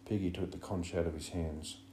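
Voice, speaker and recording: A man narrating a novel in a measured, even manner. His voice is low and dark. The recording sounds roomy, with a faint hum behind it. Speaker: audiobook narrator. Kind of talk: scripted narration.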